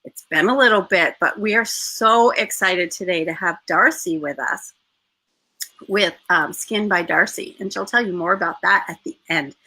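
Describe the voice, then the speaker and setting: A woman's voice: lowish voice, normal speed, sharp tone, breathy edge, poor audio. A woman hosting a live interview podcast in New Zealand, upbeat and enthusiastic. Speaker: podcast host.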